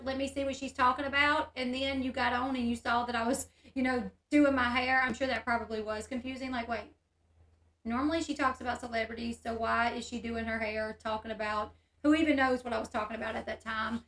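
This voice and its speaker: A high, bright-voiced woman talks casually on her livestream. She is candid and chatty, reading viewer comments aloud as she goes. Her voice carries a noticeable echo from the room at home. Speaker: YouTube host.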